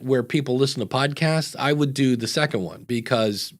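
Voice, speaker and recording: A man's voice: mid-range voice, normal speed, few pauses. Rambling male podcast host. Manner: loose and rambling, many fillers. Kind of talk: casual podcast chat, reading live chat comments.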